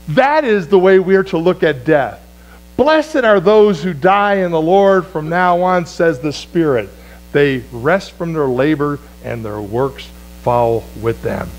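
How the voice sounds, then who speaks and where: A man preaching a sermon as pastor, swinging from loud, high exclamations to low, quiet phrases. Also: rough recording.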